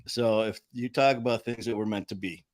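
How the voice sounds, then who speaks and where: A man's voice: on the low side, steady tone, brisk, over a noisy crowd. A man hosting a casual talk, telling a story with lots of fillers, laughs and acted-out quotes. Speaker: show host.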